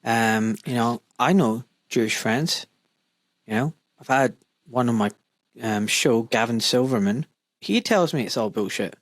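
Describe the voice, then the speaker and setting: A man from Scotland who is a doctor, hosting a podcast in a blunt, animated way, full of asides and quoted voices. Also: medium pitch, a little slow, no room sound. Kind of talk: casual opinionated podcast talk.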